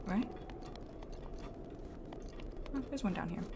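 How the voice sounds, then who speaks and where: A young woman from the American South talks through her gameplay in an unhurried, easygoing way. Her Southern accent comes through naturally, and she chats and giggles often, scattering "like" through her sentences. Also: on the low side, animated, creaky, over music. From Southern United States. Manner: chatty and giggly, lots of "like" fillers. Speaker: streamer. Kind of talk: casual gameplay commentary.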